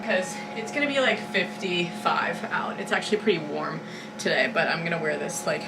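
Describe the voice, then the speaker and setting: Chatty young woman vlogging, low voice. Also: noisy background. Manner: chatty, peppered with "like" and "you know". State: out of breath after walking uphill. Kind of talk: casual vlog chat to camera.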